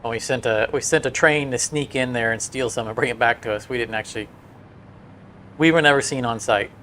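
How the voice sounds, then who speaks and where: A man's voice: medium pitch, a little fast, pushed and bright, slight background noise. A man streaming a building game, chatting casually and telling rambling stories with many restarts. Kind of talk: casual livestream chat.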